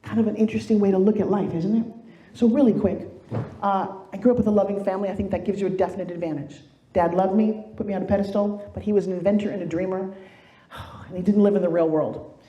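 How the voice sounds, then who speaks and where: A middle-aged woman giving a motivational speech on stage, telling stories with lively acted-out quotes. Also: medium pitch, fast, roomy sound, lo-fi sound. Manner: animated storytelling, acts out quoted voices. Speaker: motivational speaker. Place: stage in a large room.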